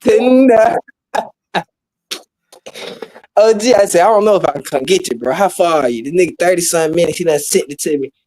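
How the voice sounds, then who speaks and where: Animated high-voiced man telling a story. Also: rapid-fire, poor audio. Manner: animated storyteller, acts out quoted voices, laughs often. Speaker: podcast host. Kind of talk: casual storytelling chat.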